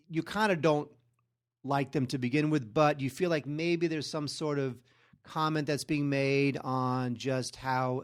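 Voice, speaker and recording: A man co-hosting a film podcast, reviewing movies in casual chat and filling his pauses with plenty of ums and uhs. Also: medium pitch. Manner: hesitant, many ums and uhs between thoughts. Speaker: film critic podcast co-host.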